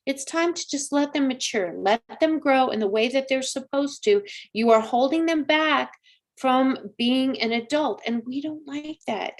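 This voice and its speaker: A woman's voice: sits high, unhurried. Chatty, coaxing psychic woman. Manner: chatty, coaxing, calls viewers honey and girl. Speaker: psychic medium. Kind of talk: live-stream astrology reading.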